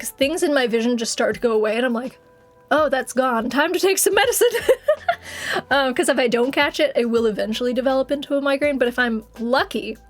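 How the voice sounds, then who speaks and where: A woman streamer in casual livestream chat, rambling and giggly, swearing casually as she talks. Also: a little high.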